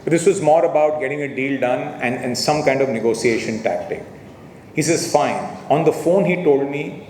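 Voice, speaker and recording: A man's voice: mid-range voice, moderate pace, a little mellow, a little hiss or hum. A middle-aged man giving a convocation speech to graduates, telling a business story with acted-out dialogue and frequent "you know"s. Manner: anecdotal, acts out quoted dialogue, repeats words and says "you know". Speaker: convocation guest speaker. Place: large hotel ballroom. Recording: echoey hall, heard from afar.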